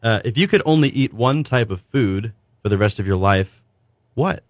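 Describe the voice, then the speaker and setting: A man's voice: lowish voice, expressive, normal speed, no room sound, clean studio sound. A young man, a musician guest, chatting casually and rambling with laughs in an interview.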